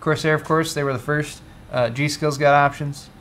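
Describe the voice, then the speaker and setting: Man, fairly high voice, casual live-stream host, friendly and rambling. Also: steady tone, normal speed, fairly bright tone, a little hiss or hum. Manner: friendly, thanks viewers, stumbles over names. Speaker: co-host of a live tech show.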